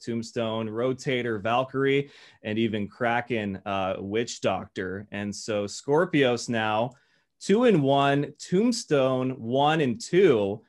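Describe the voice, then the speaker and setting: A man hosting a casual chat, easygoing, leaning on fillers and rattling off lists of names and records. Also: mid-range voice. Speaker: host.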